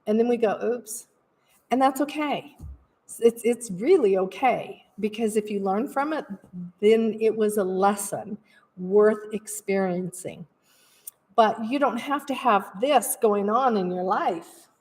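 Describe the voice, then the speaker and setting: A woman practitioner gives a casual, rambling spiritual talk, earnest in tone and laughing as she tells stories. Her mid-range voice has a darkish tone and is picked up by a distant mic.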